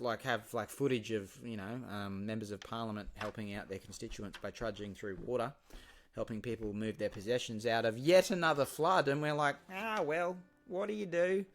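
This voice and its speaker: A man hosting his own podcast, talking casually on his own and swinging from quiet asides to loud, swearing outbursts. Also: medium pitch. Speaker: podcast host and musician. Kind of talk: casual solo podcast monologue.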